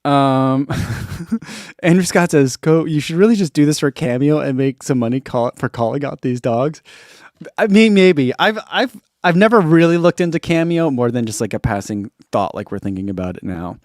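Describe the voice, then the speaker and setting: With lively intonation at a normal speed, the man's mid-range, slightly mellow voice comes through in a dry, studio-quality recording. He's a middle-aged host of a running channel, casually chatting on a live stream, reading viewer comments aloud and often chuckling.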